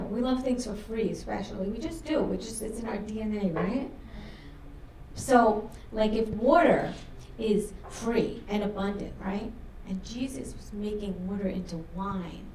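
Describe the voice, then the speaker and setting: A middle-aged woman performing a crude stand-up comedy set on a club stage, delivering brash deadpan punchlines. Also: mid-range voice, recorded from a distance, a little hiss or hum. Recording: roomy club sound from afar, audience laughter.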